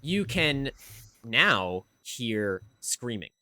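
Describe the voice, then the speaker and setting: A man runs a live tabletop game as game master, narrating with frequent ums. His voice is bright and his delivery swings widely in pitch. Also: very slow. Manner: animated, many ums.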